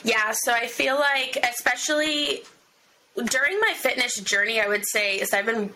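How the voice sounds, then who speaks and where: A woman's voice: fairly high pitch, normal speed, sharp tone, a little hiss or hum, poor audio. A young woman chatting as a podcast guest, talking freely and filling her sentences with "like". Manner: chatty, lots of "like" fillers. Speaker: podcast guest, bikini competitor. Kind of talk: casual chat.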